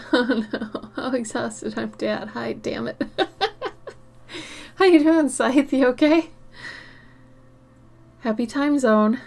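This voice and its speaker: Casting note: tired woman art streamer, slow unhurried chat, fairly high voice with lots of vocal fry, frequent half-whispered asides. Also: animated. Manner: drowsy, soft-spoken, drifts into half-whispered asides. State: tired, yawning. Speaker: art livestreamer. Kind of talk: casual chat while drawing on stream.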